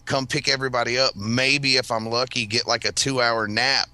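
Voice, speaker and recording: A man's voice: medium pitch, fairly even intonation, moderate pace, sharp tone, clean tone, dry recording. A man in casual podcast chat, telling rambling, profane stories and laughing often. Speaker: podcast host.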